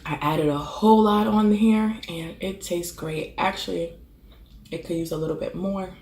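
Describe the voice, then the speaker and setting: Female food vlogger, casual mukbang chat, gravelly edge, echoey home room. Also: lowish voice, steady tone, moderate pace, a little mellow, a little hiss or hum. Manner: chatty, savoring with frequent mm sounds between bites. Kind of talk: casual mukbang eating vlog.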